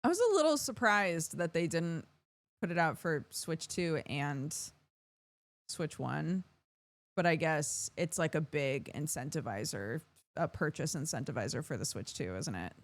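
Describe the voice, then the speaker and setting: Woman streamer, young adult, tired casual chat; lowish, animated pitch; dry mic. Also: unhurried. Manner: chatty, reads out chat and thanks subscribers. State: yawning, tired.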